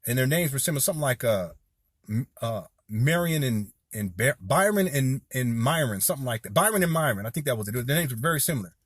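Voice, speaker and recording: Fired up and rambling, a Southern California man in his forties talks to his viewers, whom he calls "y'all," in direct-to-camera commentary. At a medium pitch, he's animated and quick with a breathy edge, on a dry, studio-quality recording.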